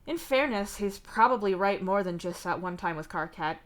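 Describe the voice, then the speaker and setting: A woman reading the lines of a gentle, teasing young companion in a live fanfic reading. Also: mid-range voice, lively intonation, normal speed, natural voice.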